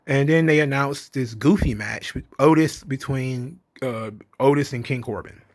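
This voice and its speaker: A man casually recapping a wrestling show, chatty and profane, retelling scenes and quoting the wrestlers as he goes. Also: medium pitch.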